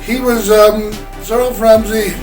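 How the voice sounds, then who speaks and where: A man's voice: high voice, level tone, unhurried, faint music behind, low-quality recording. An older English man, a former footballer, telling chatty anecdotes in an interview and slipping into other people's voices. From England. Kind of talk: casual storytelling interview.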